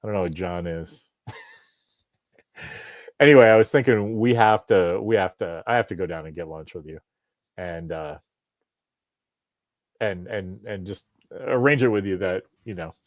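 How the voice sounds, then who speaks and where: A man in middle age with a low voice hosts a live show on a video call. He talks in a loose, joking ramble, trailing off and restarting. The sound is close and dry. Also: moderate pace, long pauses, dry recording. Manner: rambling, self-interrupting, joking. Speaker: podcast host. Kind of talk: casual live-stream chat.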